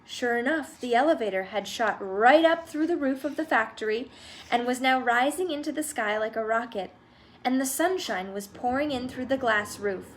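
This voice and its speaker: A woman narrating a children's storybook aloud in a lively, expressive manner. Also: fairly high pitch, normal speed, slight background noise. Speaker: audiobook reader.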